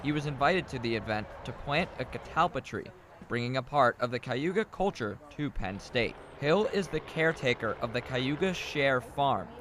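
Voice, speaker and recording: A young man reading a scripted student news report in a measured way. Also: medium pitch, a bit bright, slight background noise. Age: young adult.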